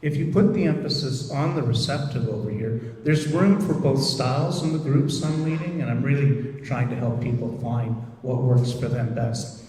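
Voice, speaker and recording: A man who leads meditation groups, giving a gentle, reflective talk with many pauses and fillers. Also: mid-range voice. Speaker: meditation group leader and therapist. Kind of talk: recorded presentation. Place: lecture room. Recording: echoey hall, distant mic.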